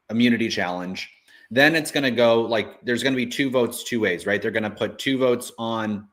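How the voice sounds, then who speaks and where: A man co-hosting a casual show, thinking aloud in animated bursts with many restarts. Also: fairly low pitch. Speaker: co-host. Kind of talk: casual podcast chat.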